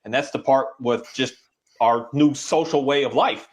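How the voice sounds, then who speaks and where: A man who works as a dog trainer, talking in a casual, rambling and halting way, now and then voicing his dog's thoughts. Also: medium pitch. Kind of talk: casual conversation.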